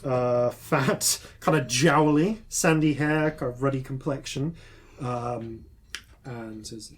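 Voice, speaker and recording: A man narrating as game master, halting and full of filler sounds as he describes the scene. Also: mid-range voice, slight background noise. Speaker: dungeon master.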